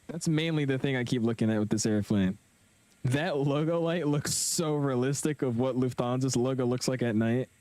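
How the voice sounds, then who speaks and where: A young man casually commentating his flight simulator live stream, chatting with viewers in a relaxed, slangy way. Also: mid-range voice, normal speed, no room sound. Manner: laid-back, chatty, slangy, reads chat aloud.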